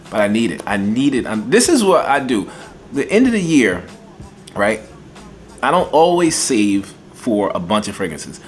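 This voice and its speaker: Enthusiastic male fragrance reviewer, casual and folksy, slightly low voice. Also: a little hiss or hum.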